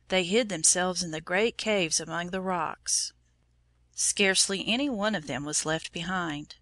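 Brief: woman narrator, low-ish, bright and crisp tone, measured storybook reading. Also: no room sound. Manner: measured and solemn.

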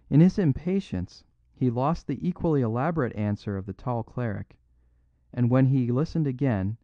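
A man's voice: medium pitch, no echo. Man narrating a story, dry sound. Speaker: audiobook narrator. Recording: dry, slightly dull lo-fi.

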